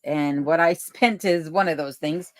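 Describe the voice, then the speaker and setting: A woman's voice: sits low, unhurried, no room sound, clean studio sound. Casual woman hosting a chat livestream. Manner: relaxed, reads comments aloud and chats back. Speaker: livestream host reading chat comments. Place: home in remote Alaska. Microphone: desk microphone.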